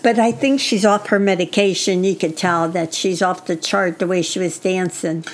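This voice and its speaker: A woman's voice: on the low side, steady tone, normal speed. An older woman co-hosting a podcast with her son, answering in a plain, sympathetic way. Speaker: podcast co-host, host's mother. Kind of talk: casual chat.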